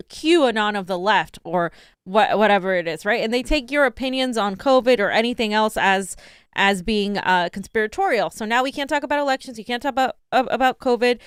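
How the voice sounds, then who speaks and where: A woman co-hosting a casual political talk show, sarcastic and quick to laugh, swearing freely. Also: medium pitch, a bit bright, smooth, no echo, studio quality. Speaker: co-host.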